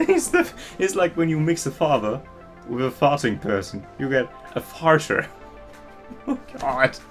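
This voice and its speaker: A man's voice: fairly high pitch, big pitch swings, a little slow, soft background music. A man reading a story aloud and mocking it, exasperated, laughing and swearing. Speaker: channel host. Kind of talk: comedic dramatic reading and commentary.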